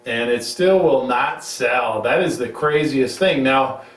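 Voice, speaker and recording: A man's voice: mid-range voice, slow. Rambling middle-aged man hosting from afar. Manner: rambling, restarts sentences, teasing. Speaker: show host. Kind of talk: casual home-recorded chat. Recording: roomy sound, mic at a distance.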